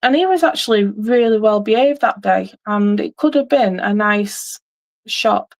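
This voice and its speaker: A woman's voice: medium pitch, unhurried, creaky. A middle-aged woman, host of a livestream, chatting casually and telling a rambling story with many restarts.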